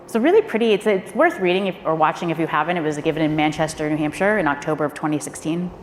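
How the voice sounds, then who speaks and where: A woman, a former speechwriter, telling candid stories on a live panel with animated delivery. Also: deep voice, racing. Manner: animated, acts out quoted voices. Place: event hall. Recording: echoey hall with faint noise.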